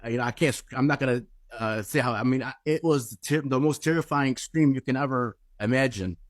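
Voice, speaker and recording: A man telling an emotional personal testimony in an intense, halting way, often searching for words. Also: mid-range voice, dry recording. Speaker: person giving a religious testimony.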